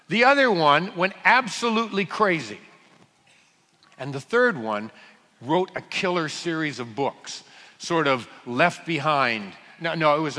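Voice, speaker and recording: A preacher tells a Bible story with humor, his bright voice swinging widely in pitch and breaking into sudden loud bursts. A long hall reverb follows every phrase. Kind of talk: sermon.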